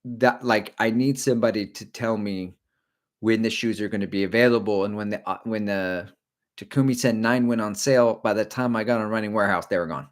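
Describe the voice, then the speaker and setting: A man's voice: on the low side, steady tone, a little fast. A middle-aged man hosting a casual running livestream, rambling and jokey as he talks to his viewers. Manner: slips briefly into silly character voices. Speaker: running channel host.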